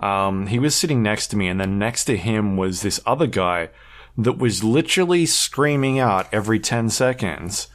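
A man's voice: fairly low pitch, lively intonation, normal speed. A man hosting a casual podcast chat, rambling along with many ums and uhs and light laughs. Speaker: podcast host.

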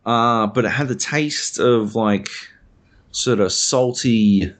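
A man's voice: mid-range voice, slow pace. A young Australian man, a podcast co-host, rambling through a casual chat and swearing freely.

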